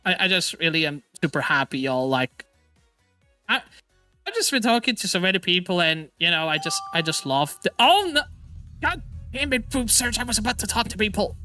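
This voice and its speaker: A man hosting a casual live stream as a VTuber, excitable, stammering and often laughing or swearing. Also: sits high, fairly quick, faint music behind.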